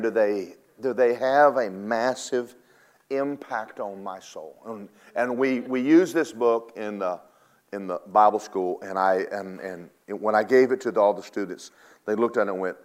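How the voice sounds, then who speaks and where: An older man preaching a sermon, rising loud and high on key points, then dropping low and quiet to tell stories.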